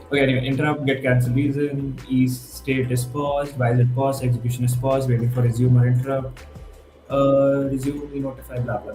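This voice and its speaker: A man in his twenties streaming a live coding session, thinking aloud and getting excited, mixing in Hindi words. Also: mid-range voice. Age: 20s. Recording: roomy with faint music behind.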